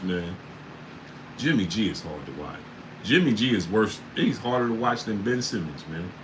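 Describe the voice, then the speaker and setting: A man hosting a casual sports livestream, reading out chat names and breaking into loud disbelief. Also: low voice, background noise.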